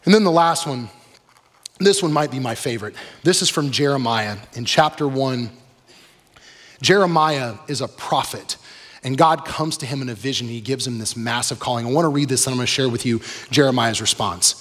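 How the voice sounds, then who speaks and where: Husky-voiced male preacher in a reverberant hall. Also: mid-range voice, moderate pace, a bit bright. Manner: conversational, asks the audience questions. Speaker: pastor. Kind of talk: sermon. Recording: long reverb of a large hall.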